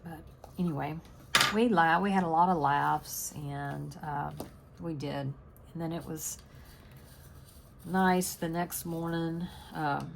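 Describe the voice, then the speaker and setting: A woman's voice: low-pitched, gravelly, slight background noise. A middle-aged woman, chatting casually and rambling to her channel's viewers. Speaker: crafting channel host.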